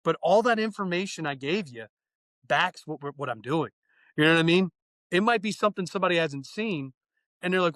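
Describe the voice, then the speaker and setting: A man chatting as a podcast guest about fire training, excitable and profane, acting out bits of dialogue as he talks. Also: on the high side, a little fast, no echo. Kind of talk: casual podcast chat.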